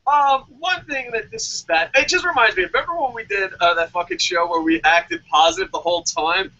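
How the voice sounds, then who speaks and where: A man co-hosting a podcast, ranting about wrestling with heated, repetitive swearing and sudden shouted bursts. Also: sits high, a little fast, muffled recording. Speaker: podcast co-host. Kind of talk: profane wrestling review rant.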